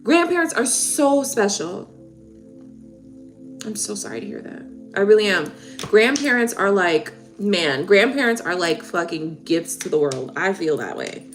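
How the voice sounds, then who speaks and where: A woman's voice: fairly low pitch, animated, normal speed, faint music behind. A young woman giving tarot readings on a live stream, chatting casually and emotionally with viewers.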